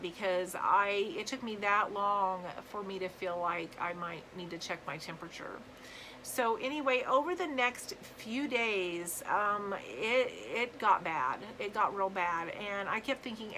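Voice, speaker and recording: A woman with a bright, forward voice tells her own story straight to the camera. Her telling is earnest and halting, full of fillers and restarts. A faint hum of noise sits under her voice. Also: mid-range voice, rough recording.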